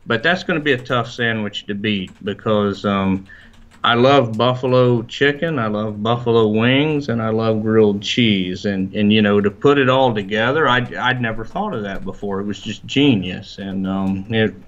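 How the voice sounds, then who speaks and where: A man's voice: fairly low pitch, moderate pace. Easygoing Southern man on a dull line. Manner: easygoing, filler-heavy. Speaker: podcast regular guest. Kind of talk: casual podcast chat.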